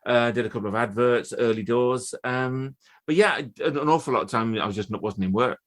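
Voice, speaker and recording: A man in his fifties, a guest actor telling stories in a chatty, animated way on a casual podcast. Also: medium pitch, brisk. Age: 50s. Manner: chatty, animated storyteller with many restarts.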